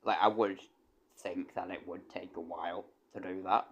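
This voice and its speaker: A man's voice: sits low, fairly even intonation, normal speed, husky, muffled recording. A young man, chatting casually on a livestream, rambling with stammered restarts and casual swearing. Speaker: streamer and composer.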